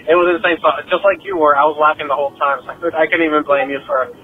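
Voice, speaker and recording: Brief: male fan, eager and giggly, slightly high voice, tinny phone line with faint noise. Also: fairly even intonation, racing. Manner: enthusiastic, laughing while talking. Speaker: voicemail caller.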